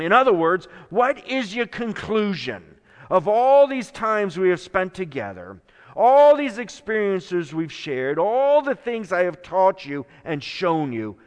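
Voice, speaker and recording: A man preaching a sermon as pastor, slow and dramatic, moving from hushed words to loud ones. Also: high voice, in a large hall.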